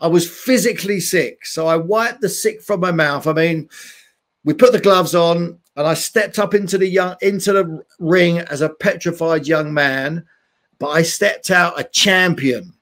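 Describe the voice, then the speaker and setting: A man's voice: on the high side, a little slow, fairly bright tone. A man, a former boxer, earnestly telling his life story in an interview. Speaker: guest, former boxing champion.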